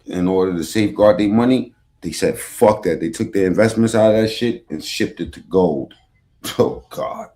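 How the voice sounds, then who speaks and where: A man with a lowish voice talks in a loose, slangy way as he reacts to a clip on his podcast. He swears freely and keeps the chat casual. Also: normal speed, mellow.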